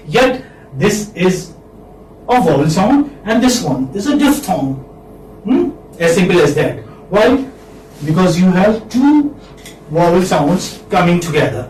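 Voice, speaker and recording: A man with an Indian accent teaching a phonetics class, repeating each word slowly and checking in with a questioning "hmm?". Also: high-pitched. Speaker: English literature lecturer. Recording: echoey room, distant mic, faint hiss.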